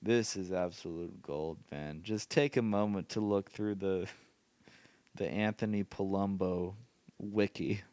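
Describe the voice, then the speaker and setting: A man's voice: sits low, steady tone, slow, darkish tone, no echo. A tired man hosting a casual solo podcast late at night, rambling and often laughing to himself. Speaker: podcast host.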